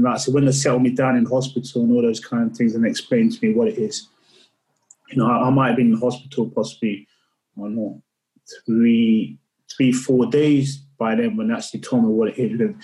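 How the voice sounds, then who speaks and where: A middle-aged man speaks candidly as a podcast interview guest, telling his story earnestly with restarts and repeated words. His pitch is mid-range for a man and a little mellow, and the audio is poor.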